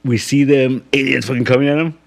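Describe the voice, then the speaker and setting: A man's voice: medium pitch, fairly even intonation, quick pace, gravelly. A man co-hosting a casual podcast, swearing and laughing often as he acts out movie scenes. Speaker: podcast co-host.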